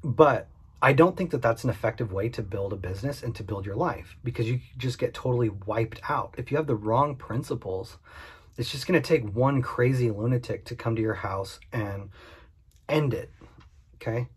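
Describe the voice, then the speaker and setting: Man, husky breathy voice, earnest, candid vlog monologue, small business owner, repeats for emphasis. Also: mid-range voice, moderate pace. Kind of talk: direct-to-camera vlog monologue.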